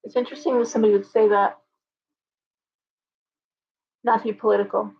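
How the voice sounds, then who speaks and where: A woman hosts a live stream and talks straight to her chat, ranting with strong opinions. Her voice sits at an ordinary middle pitch. The audio is dull and lo-fi. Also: little pitch movement, a little fast. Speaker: livestream host.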